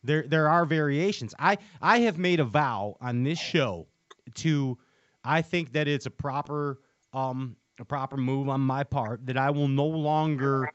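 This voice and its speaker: A man co-hosting a bass fishing talk show, chatting casually with many restarts. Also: measured pace, clear, resonant tone, no room sound, lo-fi sound. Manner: rambling, frequent restarts and laughs. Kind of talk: casual chat.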